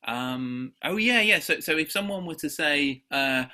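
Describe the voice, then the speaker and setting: A man's voice: a little high, animated, brisk, few pauses, pushed and bright, faint music behind. A man co-hosting a playful children's rhyme show, chatty and jokey with hesitant restarts.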